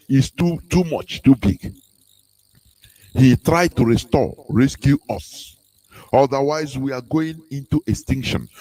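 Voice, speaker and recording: A man's voice: medium pitch, a little mellow, poor audio. A man, giving a fervent radio talk full of rhetorical questions and sing-song rises. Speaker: radio broadcast speaker. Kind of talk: impassioned preaching talk.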